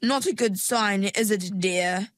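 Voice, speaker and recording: A woman reading puts on a controlling mer-woman from a storybook. Her voice drips slow and sweet, patronizing and a little louder than the narration. The sound is dry and close. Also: medium pitch, no room sound, natural voice. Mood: sugary menace. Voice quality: syrupy, drawn-out and sweet. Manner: patronizing, with sugary pet names.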